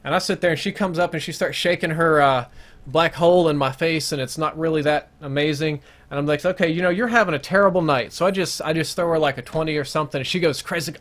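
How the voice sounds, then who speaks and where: A man's voice: fairly high pitch, quick pace, fairly bright tone. A man streaming live gameplay, telling a long crude story in a rambling, self-interrupting way. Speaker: gaming streamer.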